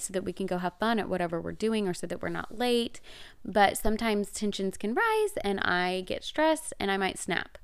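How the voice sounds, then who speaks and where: A middle-aged woman talks through parenting advice in a relaxed, conversational way, often restarting her sentences. Her voice has a gravelly edge under a smooth, clear tone. The recording is dry and close. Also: medium pitch, dry recording. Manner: conversational, many fillers and self-corrections. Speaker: parenting podcast host. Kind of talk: casual advice talk.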